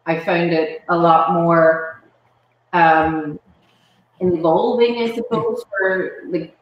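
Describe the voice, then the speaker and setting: A woman's voice: on the low side, steady tone, slow, dull audio. Thoughtful woman in an echoey room. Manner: thoughtful, hesitant with ums. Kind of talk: casual chat.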